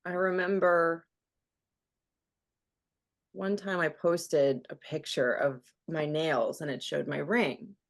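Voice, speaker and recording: A woman in her thirties with a low voice and plenty of vocal fry tells a hard personal story in a podcast conversation. She speaks candidly and emotionally, often acting out the words of the people involved. A radio host by trade, she sounds open and unguarded. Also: fairly even intonation, slow pace, pauses often. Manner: candid, emotional, quotes others in her retelling.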